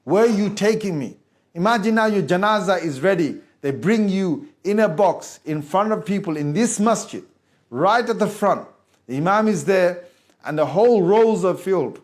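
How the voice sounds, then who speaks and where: A high-voiced man delivers an intense sermon to a gathering. He talks the listeners through picturing their own death, sinks to low, hushed passages, then rises to sharp exclamations. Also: animated, moderate pace. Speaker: preacher. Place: mosque hall before a gathering.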